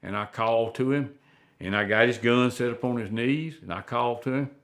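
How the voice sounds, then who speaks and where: A man spins hunting yarns in an easygoing, plainspoken drawl. His voice sits in an ordinary middle pitch, and he talks the way a country storyteller would on a sit-down podcast. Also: a little fast, a bit bright. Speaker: guest, veteran turkey hunter. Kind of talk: folksy storytelling.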